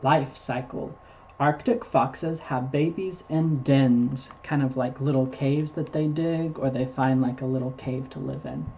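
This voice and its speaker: A man's voice: mid-range voice, fairly even intonation, unhurried, dark tone, lo-fi sound, slight background noise. A man hosting a children's storytime, reading picture books aloud and patiently explaining words for small children. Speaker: storytime host reading to preschoolers.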